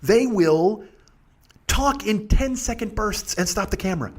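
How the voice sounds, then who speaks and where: Brief: forties male podcast host, higher voice, profane self-mocking rant, rambling. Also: animated, unhurried, a little mellow. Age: 40s. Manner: profane, ranting, self-deprecating; rambling with restarts, laughing. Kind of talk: casual comedic monologue.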